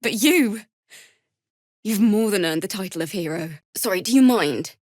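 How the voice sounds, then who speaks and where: In clean, studio-quality audio with no room sound, a woman with a medium-pitched, expressive, slightly mellow voice close to everyday speech voices a young bard in a video game. Speaking at normal speed, the earnest, grieving, apologetic character swings from shy apologies to sudden anger.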